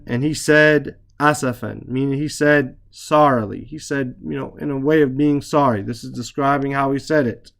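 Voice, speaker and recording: A man teaches Arabic reading, translating lines and explaining grammar with slow patience, repeating words and spelling out letters. His voice sits a little high.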